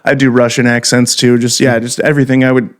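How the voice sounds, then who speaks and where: A man from northern Illinois who hosts a podcast, rattling off stories in a loose, foul-mouthed casual chat. His voice sits at an ordinary middle pitch for a man, and he often breaks into laughter. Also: flat delivery, fast. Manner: loose, profane storytelling with laughs. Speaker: podcast host.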